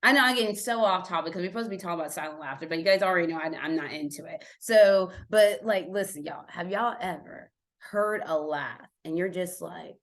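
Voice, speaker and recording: An American woman hosting a casual monologue, chatty and blunt, swearing freely and dropping from loud remarks to hushed asides. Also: fairly low pitch, brisk. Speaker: host.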